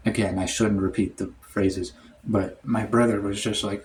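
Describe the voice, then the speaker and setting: A man telling a comic story in a rambling, deadpan way, full of "like" and "um". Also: lowish voice, moderate pace, a little hiss or hum. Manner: rambling, heavy on "like" and "um". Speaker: storytime comedian. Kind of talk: comedic storytime monologue.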